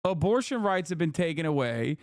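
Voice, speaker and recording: A man's voice: on the high side, very animated, a little fast, dry recording. A man reacting to a video as a streamer, ranting in casual, profane, sarcastic commentary on a close mic.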